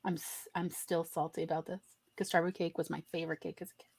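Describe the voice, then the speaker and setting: A woman's voice: low-pitched, flat delivery, quick pace, darkish tone, slightly rough. A woman co-hosting a casual podcast chat, telling family stories and acting out the voices of relatives she quotes. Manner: storytelling, acts out quoted relatives in shifting voices. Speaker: podcast co-host.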